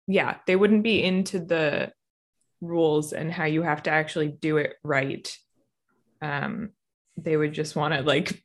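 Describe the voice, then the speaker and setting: A young woman on a comedy podcast, rambling her way through loose chat. Her voice sits a little low and she takes her time. She breaks into laughter often. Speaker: podcast co-host.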